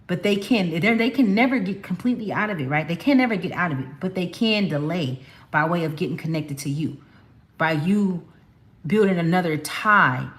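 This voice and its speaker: A woman from California giving a casual spiritual card reading, talking emphatically to her viewers in a chatty, slangy way. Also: on the low side. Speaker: tarot card reader. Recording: echoey room.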